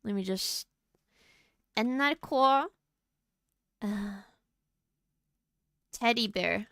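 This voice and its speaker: A woman's voice: mid-range voice, fairly bright tone, no room sound, clean studio sound. A young woman from Norway, a native Norwegian speaker with a Norwegian accent, chatting casually and giggling on a livestream. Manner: chatty and giggly, quick asides. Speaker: streamer.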